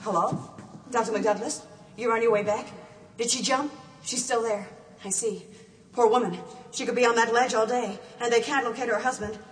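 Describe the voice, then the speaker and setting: A woman's voice: on the high side, steady tone, moderate pace, reverberant, recorded from a distance, natural voice. A woman playing a timid, lonely young woman in a musical, speaking meekly and singing wistfully. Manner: meek, self-effacing, wistful. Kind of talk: musical theatre acting and singing.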